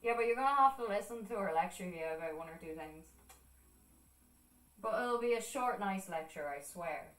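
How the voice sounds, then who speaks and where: A woman's voice: medium pitch, lively intonation, moderate pace, a bit bright. A young Irish woman telling stories in casual chat, swearing freely and laughing often. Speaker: art streamer. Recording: roomy sound, distant mic.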